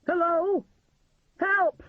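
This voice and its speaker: A woman's voice: medium pitch, lively intonation, fairly quick, breathy edge, no echo, pitched above the performer's own voice. A man voicing a desperate trapped woman who pleads urgently, then turns tearful. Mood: frantic. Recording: tinny phone-like sound.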